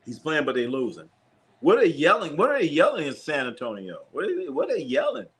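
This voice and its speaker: A man's voice: a little high, wildly swooping pitch, fast talker, fairly bright tone. A man hosting a live basketball watch party, calling plays casually, reading chat questions and joking with viewers, often repeating himself. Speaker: sports watch-party streamer.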